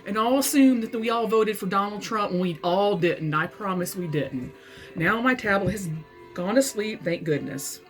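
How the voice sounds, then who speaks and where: A woman with a Southern accent rants in fury, swearing hard and hitting her words with force. She sounds like she's from Alabama, and her pitch sits in a middle range. Soft music plays faintly behind her. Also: lively intonation, normal speed. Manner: furious, profane, emphatic. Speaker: vlogger and author. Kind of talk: angry personal rant.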